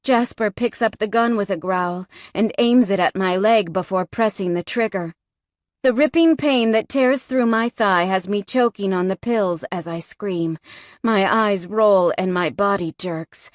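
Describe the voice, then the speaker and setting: A woman's voice: medium pitch, unhurried, dry recording, studio quality. A woman narrating a romance novel in the first person, in a tense, dramatic manner. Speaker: audiobook narrator.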